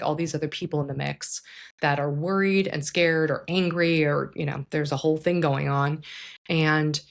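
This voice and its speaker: A woman's voice: sits low, creaky. A woman psychologist hosting an educational talk, giving frank, earnest advice in a casual way with plenty of fillers. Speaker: psychologist host.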